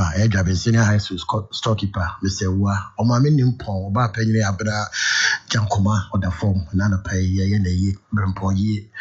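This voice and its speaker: A Ghanaian man calling into a radio phone-in, giving forceful political commentary in an argumentative, rhetorical manner. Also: fairly low pitch, husky. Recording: dull lo-fi radio audio.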